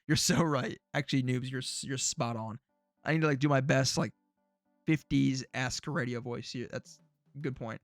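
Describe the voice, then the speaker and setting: A man's voice: medium pitch, fairly even intonation, normal speed, no echo, soft background music. A man streaming casually, reacting to old predictions with jokey, sarcastic remarks.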